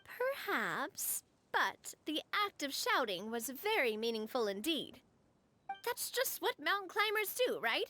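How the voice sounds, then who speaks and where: A woman's voice: high voice, big pitch swings, unhurried, bright, forceful tone, a little hiss or hum, heavily acted. A woman playing a cheerful, outgoing young woman who talks in a breezy, encouraging way. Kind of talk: game dialogue voice acting. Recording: game cutscene with faint music.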